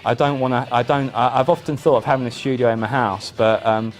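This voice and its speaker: A man, a musician guest in a casual chat, telling animated stories with frequent restarts. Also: mid-range voice, fairly quick, soft background music. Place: indoor chat.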